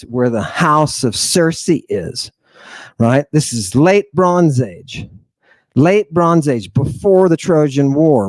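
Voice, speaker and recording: Male lecturer, slightly high voice, irreverent and jokey, dry close sound. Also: darkish tone, dry recording. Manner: irreverent, joking, talks over himself and restarts. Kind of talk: casual livestream lecture.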